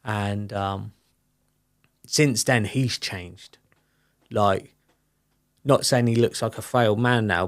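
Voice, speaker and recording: A man's voice: lowish voice, steady tone, slow, long pauses. A middle-aged man, talking openly as a podcast guest, rambling with lots of fillers. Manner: open, rambling storytelling with many fillers. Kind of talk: candid personal conversation.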